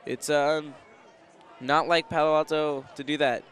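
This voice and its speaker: A young man gives color commentary from an outdoor press booth at a stadium, speaking in a flat, slightly high voice. He's measured and analytical but hesitant, with fillers, while chatter and faint band music drift in from the stadium.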